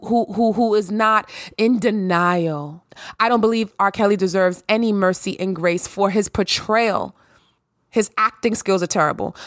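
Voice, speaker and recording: A woman's voice: mid-range voice, no room sound, studio quality. A woman in her thirties hosting her own podcast, talking emphatically in a preachy way and firing off rhetorical questions. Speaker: podcast host. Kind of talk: podcast monologue.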